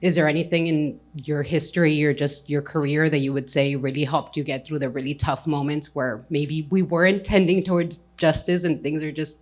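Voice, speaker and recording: A law student stands in the audience and asks a long, earnest question at a Q&A. Their voice sits at a middling pitch and carries open, effusive gratitude with a little emotion showing. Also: little pitch movement, normal speed, few pauses.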